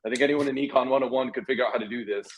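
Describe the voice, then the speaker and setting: A man doing an impression of a blunt tech company boss in a put-on South African accent, halting and dismissive. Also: medium pitch, natural voice, low-quality recording. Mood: matter-of-fact. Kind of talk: comic impression on a livestream.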